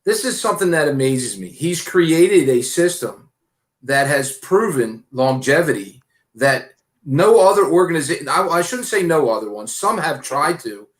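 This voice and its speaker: Guy rambling about baseball, kinda high voice, echoey room sound. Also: big pitch swings, normal speed. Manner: rambling, repeats words while thinking. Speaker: podcast co-host. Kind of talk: casual sports chat. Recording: roomy echoey mic.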